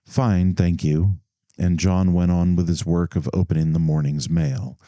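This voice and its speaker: A man narrates a classic novel in a measured, even manner. His voice is very low and mellow. The recording is close and dry, with no room sound. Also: no room sound, lo-fi sound. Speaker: audiobook narrator. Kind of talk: scripted narration.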